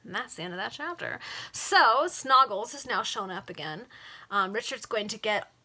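A woman reading a novel aloud to friends over a video call, expressive and casual. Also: mid-range voice, moderate pace. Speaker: reader.

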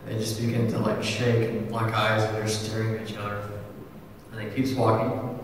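A young adult man preaching a sermon in a casual, animated storytelling manner, full of asides. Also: lowish voice, normal speed, a little hiss or hum. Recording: echoey hall, far from the mic.

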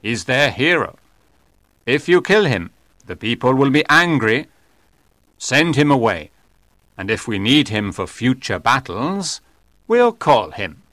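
A man voicing a calm, shrewd old noble in an audiobook story, persuasive and reasoned. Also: medium pitch, a little slow, pauses often, no echo, pitched above the performer's own voice.

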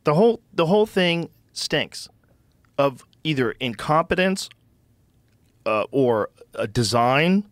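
Animated man riffing in disbelief, dry studio sound. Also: a little high, slow, no room sound. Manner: animated, profane, incredulous riffing. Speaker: podcast host. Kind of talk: casual podcast conversation.

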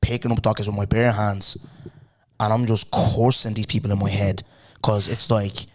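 A man's voice: fairly low pitch, moderate pace. A young Irish man hosting a podcast, telling stories in casual chat, swearing freely and acting out rows with customers. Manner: animated storytelling, heavy swearing, acts out quarrels. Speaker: podcast host.

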